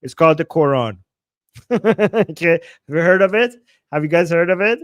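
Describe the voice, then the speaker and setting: An Iranian-accented man, a native Persian speaker, hosting a heated livestream. His voice sits fairly high for a man and sounds dry and close, with almost no room around it. He mocks and swears at his viewers in loud, angry bursts. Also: lively intonation, moderate pace, no room sound. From Iran. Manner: angry, profane, mocking, loud outbursts. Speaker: livestream host reading super chats.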